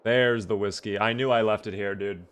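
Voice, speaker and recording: A man streaming a survival game live, chatting to his viewers and reacting with sudden bursts of excitement. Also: fairly low pitch, normal speed, clear, resonant tone.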